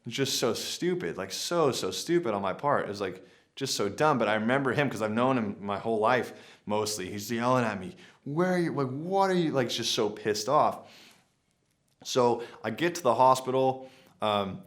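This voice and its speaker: A man's voice: mid-range voice, moderate pace, fairly bright tone. A young man casually recounting a personal story, rambling with many fillers and restarts. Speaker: vlogger.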